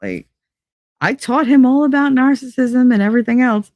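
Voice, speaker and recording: A middle-aged woman hosting a live show, chatting casually in a blunt, profane, animated way. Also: high-pitched, moderate pace, no room sound. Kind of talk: casual chat on a live stream.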